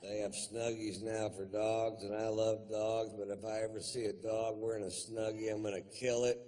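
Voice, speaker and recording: Deadpan low-voiced male comedian. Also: moderate pace. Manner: dry, deadpan storytelling with crude punchlines. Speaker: stand-up comedian. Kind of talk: stand-up comedy.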